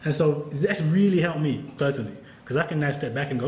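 A man's voice: on the high side, expressive, quick pace, a little mellow, a little hiss or hum. A man, a professor, speaking candidly and wryly at a book event, laughing often. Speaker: professor and author. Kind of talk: conversational talk at a book event. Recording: roomy event-hall sound.

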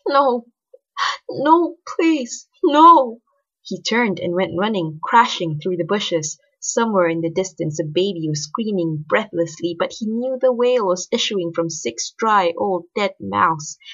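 A woman reads a story aloud with expressive narration. Her voice is low and husky. The recording is dull and lo-fi. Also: normal speed.

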